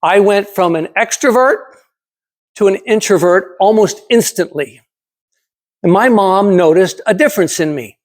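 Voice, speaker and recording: A man in his seventies delivers a prepared motivational speech to a speaking club. His voice sits high for a man. He speaks emphatically, poses rhetorical questions to the audience and hammers his points home through repetition. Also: a little slow. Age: 70s.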